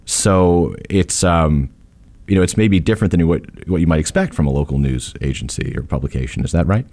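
Deep-voiced man interviewing on radio. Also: darkish tone. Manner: measured, explains for listeners.

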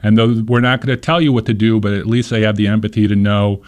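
Low-voiced man explaining earnestly. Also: fairly even intonation, quick pace, hardly any pauses, darkish tone. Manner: earnest, explains with examples and stories. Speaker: nonprofit leader being interviewed. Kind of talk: conversational interview.

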